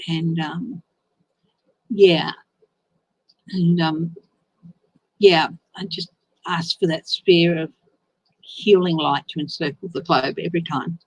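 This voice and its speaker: Slow-talking chatty woman tarot reader. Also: low voice, fairly even intonation, breathy edge, no room sound, low-quality recording. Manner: chatty, emotional, reads out viewer comments. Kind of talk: casual live tarot reading.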